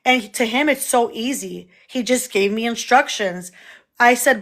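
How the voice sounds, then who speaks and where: A woman hosting a livestream, talking in a heated, animated way to her viewers and swearing freely. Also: on the high side, unhurried. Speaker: livestream host. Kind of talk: heated casual livestream talk.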